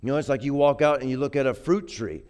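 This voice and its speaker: A man delivering a sermon in a smooth, resonant voice at an ordinary middle pitch. He talks to the congregation casually, stumbling and repeating words, then builds up to forceful, emphatic peaks. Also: fast. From grew up poor. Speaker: preacher.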